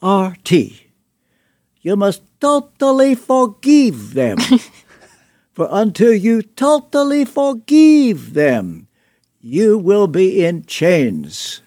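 A man putting on a Romanian accent to voice a firm older friend who gives counsel slowly and insistently. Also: high-pitched, very animated, darkish tone, dry recording, studio quality, voice pushed up, exaggerated voice. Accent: Romanian, put on. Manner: insistent, slow and emphatic.

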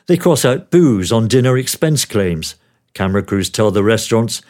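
A man's voice: lowish voice, moderate pace, a little mellow. An older man from Australia, a former TV news producer, reading his memoir aloud with wry, dry humor. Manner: wry, dryly humorous storytelling. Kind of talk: memoir read aloud as narration.

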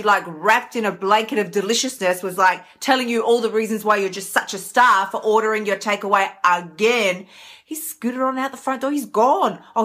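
An Australian woman, an emotional eating coach, talking energetically and casually on a live stream. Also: fairly high pitch. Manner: energetic, chatty, animated.

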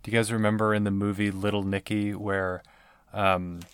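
A man co-hosting a podcast, tossing in offhand deadpan asides. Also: fairly low pitch, moderate pace, crowd noise. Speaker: podcast co-host. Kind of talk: casual podcast chat.

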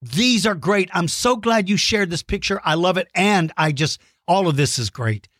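A man hosting a children's podcast, reading out listener mail with big enthusiasm, warm praise and playful mock-outraged shouts. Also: high-pitched, animated, normal speed, dry recording, clean studio sound. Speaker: kids' podcast host.

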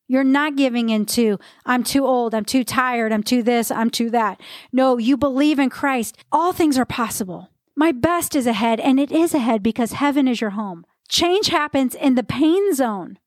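A woman's voice: high voice, no echo, clean studio sound. A woman hosting a faith-based fitness podcast, speaking in an earnest, encouraging way and reading scripture aloud between motivational points. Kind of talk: motivational devotional podcast talk.

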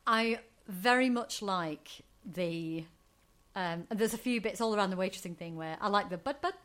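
A woman co-hosting a podcast, chatting casually and acting out quotes in animated high voices. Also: moderate pace. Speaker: podcast co-host. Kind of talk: casual chat.

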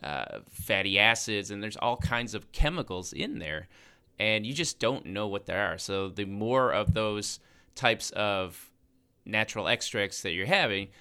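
A man co-hosting a beauty science podcast, explaining ingredients in a relaxed, thinking-aloud way. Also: lowish voice, measured pace, clean tone. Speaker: podcast co-host, cosmetic chemist. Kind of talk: casual science podcast chat.

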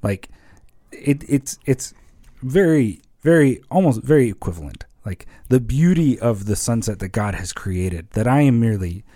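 A man talking casually on a church podcast, explaining how songs are written, lively and full of examples. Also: mid-range voice, moderate pace, no echo, studio quality. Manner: animated, explains with examples and rhythms. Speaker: church songwriting guest.

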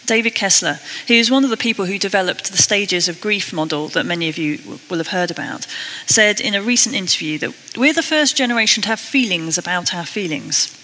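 A British woman preaching a sermon, earnest and a little self-deprecating, slowing down to read scripture. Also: mid-range voice, bright, forceful tone, in a large hall, low-quality recording. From Britain.

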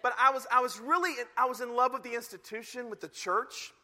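A man preaching a sermon as a pastor, telling stories and acting out the people in them with lively energy. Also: extremely high pitch, brisk. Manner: animated storytelling, acting out quoted lines.

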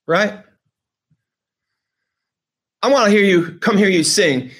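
A man's voice: high-pitched, takes it slowly, fairly bright tone. A middle-aged man hosting a vlog, telling a personal story with emotion, rambling and repeating phrases for emphasis. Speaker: host.

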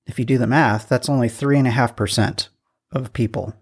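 A man co-hosting a laid-back podcast, cracking jokes at his own expense as he reads out trivia. His voice sits at an ordinary middle pitch. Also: fairly even intonation, a little fast, husky. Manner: jokey, self-deprecating, reads out trivia. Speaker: podcast co-host. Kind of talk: casual chat.

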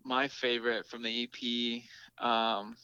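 A man's voice: mid-range voice, monotone, unhurried, bright, forceful tone, smooth, dry recording, muffled recording. A man, the lead singer of a band, chatting casually as an interview guest, laughing often and talking with many fillers and restarts.

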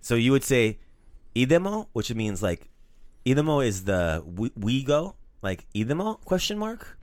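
A man hosting a casual language lesson, animated and playful, teasing his co-host and praising each repeat. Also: mid-range voice, a little slow, no echo.

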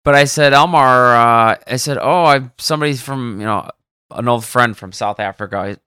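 A man, a golf caddie, telling animated stories in a casual podcast chat, swearing now and then. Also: mid-range voice, normal speed, clean tone, dry recording, studio quality.

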